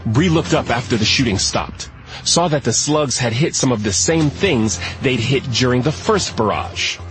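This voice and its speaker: A man narrating an audiobook in a steady, measured storytelling voice. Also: mid-range voice, music in the background, low-quality recording. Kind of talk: scripted narration.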